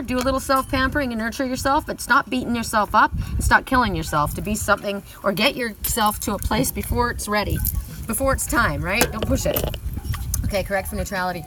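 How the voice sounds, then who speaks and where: A woman's voice: on the high side, fast, a bit bright, far from the mic, a little hiss or hum, poor audio. A middle-aged woman giving a casual oracle card reading, chatty, often laughing, whooping and swearing.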